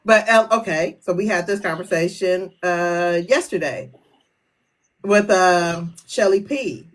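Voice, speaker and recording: A woman's voice: fairly low pitch, takes it slowly. A woman from Northern California hosting a casual podcast chat, chatty and emphatic, laughing along. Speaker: podcast host.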